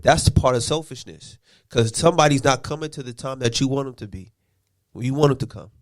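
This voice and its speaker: A man's voice: mid-range voice, a little fast. A man hosting a podcast, chatting casually, teasing and pressing his co-host with questions. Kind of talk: casual chat.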